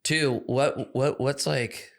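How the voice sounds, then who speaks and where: A man hosting a podcast and asking his guest questions in a relaxed, conversational way. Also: mid-range voice, slow pace, vocal fry. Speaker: podcast host. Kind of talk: casual interview chat.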